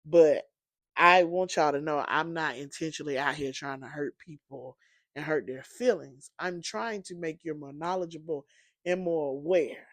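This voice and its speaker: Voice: mid-range voice, dry recording. A sleepy, yawning podcast host and apostle, rambling conversationally through a casual solo monologue with many fillers.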